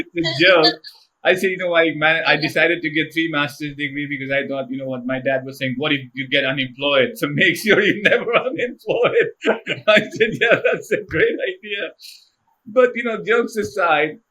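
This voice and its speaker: Animated man telling stories. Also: a little high. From India. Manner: animated, laughs often while telling anecdotes. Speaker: podcast guest, author. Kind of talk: casual storytelling interview.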